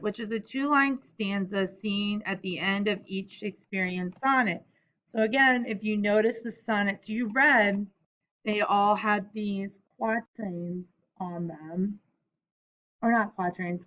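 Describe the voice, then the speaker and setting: Young adult female teacher, friendly and explanatory, mid-pitched, slightly muffled lo-fi recording. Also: a bit bright. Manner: friendly, explanatory, casual asides. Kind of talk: recorded lesson for students.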